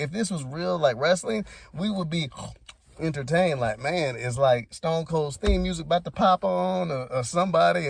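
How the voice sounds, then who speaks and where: A man's voice: fairly high pitch, creaky, no room sound. A man giving rambling, laid-back, slangy commentary as a vlogger. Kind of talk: casual commentary.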